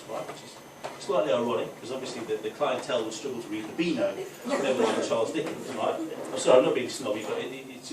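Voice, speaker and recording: Male stand-up comic, storytelling set, distant mic in an echoey, noisy club room. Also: mid-range voice. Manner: storytelling with frequent "right?" tags. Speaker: stand-up comedian. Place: football club function room with a live audience.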